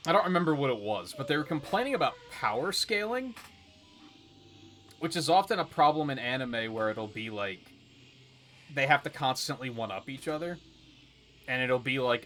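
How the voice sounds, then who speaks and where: A man's voice: mid-range voice, expressive, brisk, a bit bright, a little hiss or hum. A young man streaming a video game, chatting casually with viewers in a rambling, exasperated way. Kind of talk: casual gaming stream chat.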